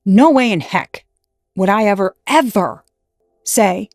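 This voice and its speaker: A woman reads tarot in a loose, chatty monologue, frank and emphatic, with the odd curse word. Her voice sits at an ordinary middle pitch. It is recorded dry and close, with faint music playing underneath. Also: animated, takes it slowly, darkish tone, dry recording. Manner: emphatic and frank, with casual swearing. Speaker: tarot reader. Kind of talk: casual tarot reading monologue.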